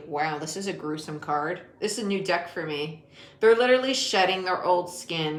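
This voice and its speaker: Speaking straight to the viewer, this tarot reader keeps things chatty and casual, breaking into laughter frequently. Her voice is medium in pitch and fairly bright, and the room sounds echoey with a little background noise.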